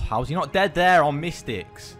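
A man hosting a gaming video, giving excitable gameplay commentary, swearing constantly and bursting into yells. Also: a little high, unhurried, faint music behind.

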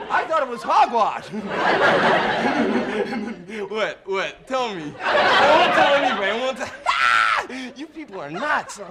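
A man's voice: extremely high pitch, heavy background noise. A young Canadian man doing manic, giggly stand-up comedy, rambling and breaking into laughter. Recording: 1980s TV archive, loud audience laughter.

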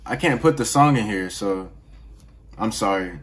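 A man's voice: fairly low pitch, animated, measured pace, a bit bright. A man hosting a reaction video, talking in a laid-back, chatty way with frequent laughs and yawns. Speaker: reaction channel host. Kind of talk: casual reaction commentary. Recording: clear music behind the voice. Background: music playing from the reacted video.

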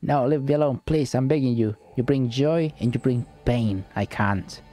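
A man's voice: mid-range voice, normal speed, mellow, faint music behind, close to an everyday voice. A man voicing a frantic fortune-teller overwhelmed by visions, reading game dialogue aloud with pleading outbursts. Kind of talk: let's play voice reading.

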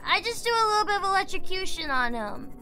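A woman's voice: very high voice, very animated, fast talker, bright, forceful tone, faint music behind. A woman streaming a game, chatting playfully with her audience and slipping into silly voices. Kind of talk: casual gaming stream chat.

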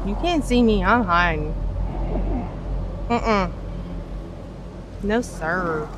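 A woman's voice: medium pitch, very slow, pauses often, highs cut off, noisy background. A woman doing let's play commentary on a horror game, reacting aloud, talking to the characters and swearing when startled. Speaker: streamer playing a horror game.

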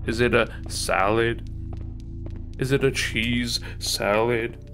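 A man's voice: medium pitch, steady tone, slow pace, fairly bright tone. A male streamer who takes his time, drawling through live gameplay commentary with plenty of swearing. Now and then he reads the game's item descriptions aloud, with faint game music underneath. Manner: profane, swears freely.

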